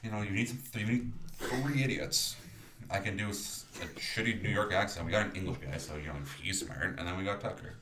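A man's voice: on the low side, fairly quick, sharp tone, roomy sound, slight background noise. A man co-hosting a podcast, chatting casually with lots of swearing, rambling asides and frequent laughter. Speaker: podcast co-host.

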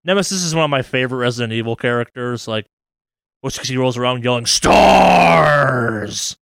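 A man with a smooth, clean voice recorded close and dry, with no room sound around him. He rambles through gaming news in a loose, excitable way and swears casually as he goes. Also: medium pitch, fast, no room sound. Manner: enthusiastic, rambling, swears freely. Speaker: podcast co-host.

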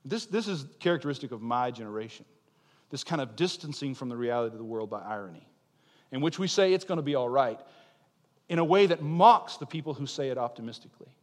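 A young man preaching a sermon, swinging between loud, urgent declarations and quiet, conversational asides. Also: mid-range voice, lively intonation, quick pace. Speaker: pastor. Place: church sanctuary. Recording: long hall reverb.

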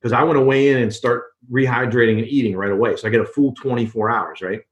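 A man's voice: mid-range voice, fairly even intonation, quick pace. A man in a casual interview, telling a story conversationally and checking in with "right?" and "you know". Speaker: podcast guest.

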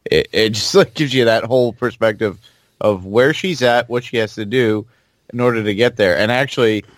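A man co-hosting a podcast, chatting in a relaxed, agreeable way. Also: medium pitch, normal speed, dry recording. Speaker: podcast co-host. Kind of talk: casual chat.

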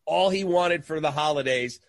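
A man's voice: on the high side, normal speed, no echo, studio quality. A middle-aged man, a guest in an interview, telling a story and acting out the people in it. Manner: animated storyteller who acts out quoted voices.

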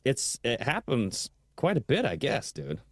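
Middle-aged man, jokey storyteller, lowish voice with wide swings, dry close sound. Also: wildly swooping pitch, measured pace, vocal fry, dry recording. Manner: joking storyteller, says "dude". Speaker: podcast co-host. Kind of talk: casual chat.

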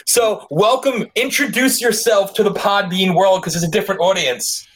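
A man's voice: high voice, normal speed, a bit bright. A man hosting a casual podcast chat in a joking, loose way, swearing freely. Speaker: podcast host.

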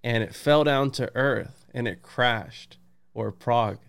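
Homme animé qui dit « bro ». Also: male voice, medium pitch, slow pace, gravelly, clear, resonant tone. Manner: excited, laughing, says "bro" and "dude". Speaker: podcast host. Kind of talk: casual chat, reading aloud.

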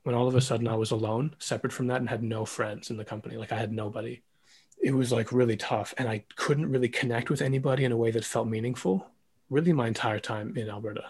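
A man's voice: mid-range voice, fairly even intonation, quick pace, darkish tone, slightly rough. A man hosting a podcast, talking casually and reflectively with a guest. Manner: talkative, reflective, many "like" fillers. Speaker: podcast host, former ballet dancer.

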